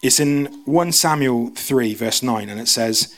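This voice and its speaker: A young man, preaching a sermon in a church service as an animated storyteller who jumps into quoted voices. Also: mid-range voice, unhurried, hardly any pauses.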